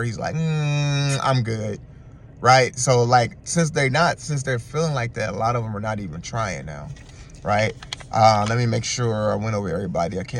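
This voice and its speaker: A man giving a casual, animated and slangy recap of a reality show. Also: mid-range voice, gravelly, a little hiss or hum. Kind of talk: casual commentary.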